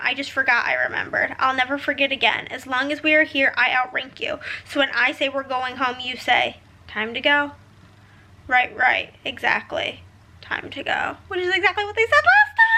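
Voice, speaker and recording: A woman's voice: high-pitched, bright, forceful tone, low-quality recording. A young woman book vlogger reading passages aloud and reacting emotionally in a casual vlog. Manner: emotional, gushing, reads quotes then reacts.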